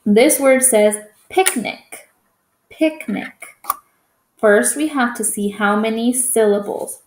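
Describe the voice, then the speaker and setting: A woman's voice: mid-range voice, creaky, roomy sound. A woman teaching a phonics lesson to young children, patient and encouraging, stretching out each vowel sound.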